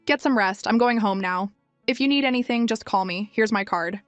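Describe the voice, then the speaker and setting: A woman's voice: on the high side, moderate pace, no echo, close to an everyday voice. A woman voicing an earnest, shy young male henchman who talks plainly and a little flustered, over faint music. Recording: dry, music faint behind.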